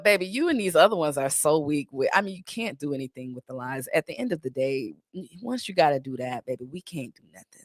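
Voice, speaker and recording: Woman in her 30s, low-pitched, blunt and candid livestream host, dry close sound. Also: fairly bright tone, dry recording. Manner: blunt, candid, profane, laughs often. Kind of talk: casual livestream Q&A.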